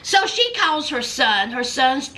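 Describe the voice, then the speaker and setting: Lively high-voiced woman commentator. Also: slow pace. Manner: animated, dramatic storytelling with frequent laughter. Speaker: reality show commentator. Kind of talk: casual recap commentary.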